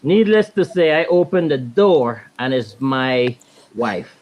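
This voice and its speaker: A man in his thirties from the Virgin Islands with a Caribbean accent, telling a laid-back, animated story as a guest on a casual panel. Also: mid-range voice, slow, dull audio.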